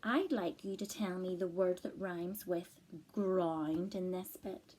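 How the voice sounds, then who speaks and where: A woman teacher reading a picture book aloud to children, expressive and encouraging, asking them to read along and spot rhymes. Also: fairly low pitch, slow pace. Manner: expressive, encouraging, asks the listener to join in. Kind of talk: read-aloud storytime lesson.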